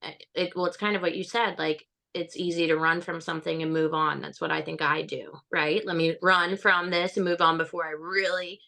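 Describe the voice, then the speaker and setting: A woman's voice: on the low side, flat delivery, brisk, gravelly, hardly any pauses, bright, forceful tone. A woman on a group video call talking openly and chattily about her own experiences, with lots of fillers. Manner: chatty, open, full of fillers like "right?". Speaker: participant.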